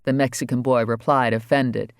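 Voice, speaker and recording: A man reading a crime novel aloud as audiobook narrator, wry and steady. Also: mid-range voice, moderate pace, smooth, no echo, studio quality. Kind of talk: scripted narration.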